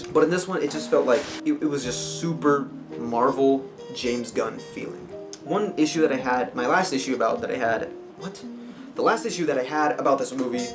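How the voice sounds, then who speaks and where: A man talks through a movie review in a loose, rambling way, circling back and restarting his sentences. His pitch sits in an average middle range. Guitar music plays clearly behind him. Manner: rambling, lots of fillers and restarts. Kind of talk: casual spoken movie review.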